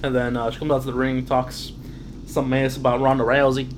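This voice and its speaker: A man's voice: mid-range voice, little pitch movement, a little fast, a little hiss or hum. Laid-back man recapping wrestling. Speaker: podcast co-host. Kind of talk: casual wrestling recap chat.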